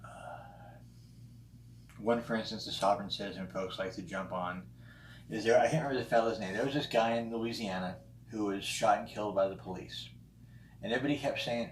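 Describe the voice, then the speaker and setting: A man with a fairly low voice talks through his opinions bluntly, swearing freely and pausing often on ums. The room around him is echoey. A faint hum of noise sits underneath. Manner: blunt and profane, with frequent ums and restarts. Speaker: vlogger responding to a friend's video. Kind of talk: casual opinionated monologue. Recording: roomy echo with faint background noise.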